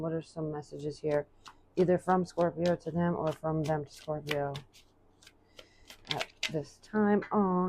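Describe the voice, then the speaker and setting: A low, mellow-voiced woman gives a relaxed tarot reading, musing aloud between cards. She reads each card's message slowly, with a faint hiss in the background. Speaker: tarot reader.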